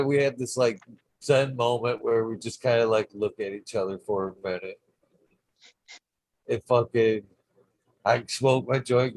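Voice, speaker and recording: A man's voice: mid-range voice, low-quality recording. A man hosting his own channel, telling a rambling, swear-heavy story in casual vlog style. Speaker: channel host.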